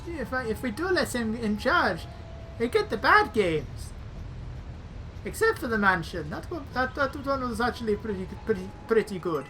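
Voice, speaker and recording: A high, sharp and indignant voice of a cartoon plumber who is tired of living in his brother's shadow, as a woman puts him on. He whines and complains in a put-on accent. The pitch jumps well above normal, and the delivery is loud and pushy. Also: big pitch swings, moderate pace, soft background music, low-quality recording.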